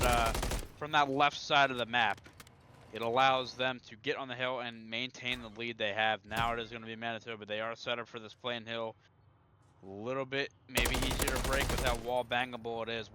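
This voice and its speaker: A man giving color commentary on a video game match, breaking plays down and sometimes stumbling over his words. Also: medium pitch. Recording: noisy game audio behind.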